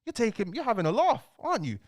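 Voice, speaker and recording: Ranting young man, slightly high. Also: quick pace. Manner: animated, ranting, fills lines with "bro" and "bruv". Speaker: commentary channel host. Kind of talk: casual political rant to camera.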